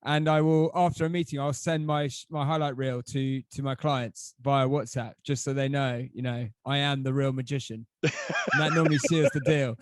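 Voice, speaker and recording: A man's voice: mid-range voice, fairly even intonation, moderate pace, dry recording. A man hosting a podcast, asking questions and joking in a tongue-in-cheek way. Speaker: podcast host. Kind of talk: casual chat.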